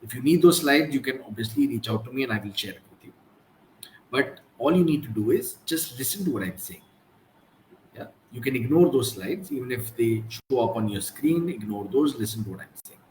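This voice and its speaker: A man with an Indian English accent hosting a casual live-stream talk, chatting loosely and slipping in quick Hindi asides. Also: mid-range voice, lively intonation. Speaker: host of a live productivity talk. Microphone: live stream from computer. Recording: roomy echo, faint background noise.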